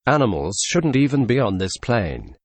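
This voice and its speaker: A haughty older woman on a plane speaks in slow, dismissive tones , put on by a male storyteller. She sounds disdainful and entitled. Her voice stays close and dry. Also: mid-range voice, sing-song, dry recording. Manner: haughty, drawn-out.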